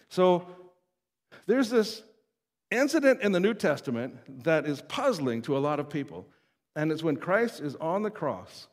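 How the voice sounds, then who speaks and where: A pastor delivering a sermon in a relaxed, conversational way, chuckling now and then and slipping into quoted voices. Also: male voice, mid-range voice. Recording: long hall reverb.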